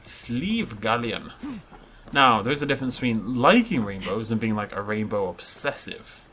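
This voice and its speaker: Lively-voiced man chatting through gameplay. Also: medium pitch, moderate pace, slight background noise. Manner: chatty, self-mocking, rambling anecdotes. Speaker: gaming video host. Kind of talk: casual let's play commentary.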